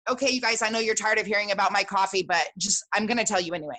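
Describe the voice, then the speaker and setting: A young woman excitedly telling a sales story, acting out both sides of her conversations in casual chat. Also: medium pitch, very fast, poor audio. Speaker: guest sharing sales story. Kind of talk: casual storytelling to a team call.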